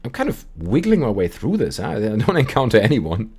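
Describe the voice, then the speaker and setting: This streamer and call-in show host talks a little fast in a husky, mid-range voice as he games. He chats casually, wandering through lively stories and putting on voices for quoted lines.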